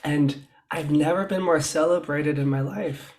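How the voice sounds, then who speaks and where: Chatty storytelling man, fairly high voice. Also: measured pace. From Canada. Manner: chatty, animated storytelling with acted quotes. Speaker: guest, fashion stylist. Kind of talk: casual interview chat.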